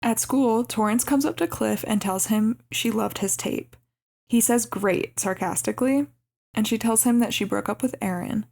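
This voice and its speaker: A woman's voice: fairly high pitch, moderate pace, creaky, darkish tone. A young woman co-hosting a movie podcast, narrating the plot in a casual recap with light laughs. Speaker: podcast co-host.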